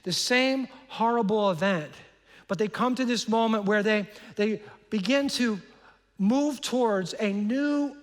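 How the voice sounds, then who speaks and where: A middle-aged man preaching a sermon as pastor, earnest, often restarting and repeating words, dropping soft and low on painful words. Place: large church auditorium. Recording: long hall reverb.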